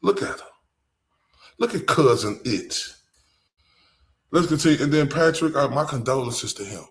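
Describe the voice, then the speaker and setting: A man's voice: mid-range voice, lively intonation, moderate pace, a bit bright. A man with a Southern US accent hosting a live stream, talking bluntly and with profanity straight to his chat. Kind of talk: casual live-stream commentary.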